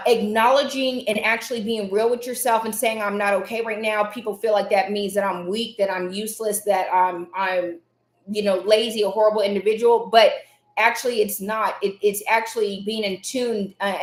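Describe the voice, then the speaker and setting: Earnest encouraging woman in an echoey room. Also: medium pitch. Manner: earnest and encouraging, repeats phrases for emphasis. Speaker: host of a live self-care series. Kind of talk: motivational live talk.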